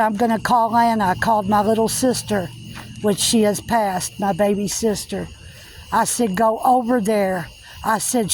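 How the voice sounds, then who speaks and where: A woman's voice: medium pitch, darkish tone, a little hiss or hum, poor audio. A woman tells a personal spiritual testimony in a plain, earnest voice. She works through it step by step, coming back again and again to what she said and what others said. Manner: earnest, repetitive retelling with many "I said" tags. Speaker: faith testimony vlogger.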